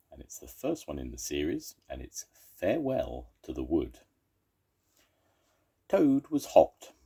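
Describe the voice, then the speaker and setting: An older man reads a children's story aloud to his grandchildren in a very low, dark and husky voice. He takes his time, but his pitch moves in a lively, expressive way as he tells the tale.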